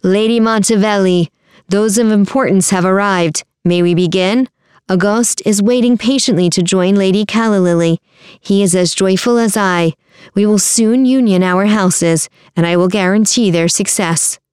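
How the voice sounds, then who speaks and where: A woman's voice: mid-range voice, moderate pace, a little mellow, smooth, dry recording, clean studio sound, lightly acted. A woman reading a storybook and voicing a scheming, pompous middle-aged nobleman who puts on fake, wailing grief and gloats.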